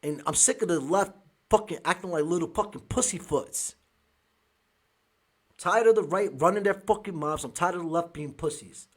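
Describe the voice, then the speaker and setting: Furious, foul-mouthed husky man. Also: sits high, moderate pace. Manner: furious, profane ranting. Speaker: podcast host. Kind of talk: angry commentary reacting to clips.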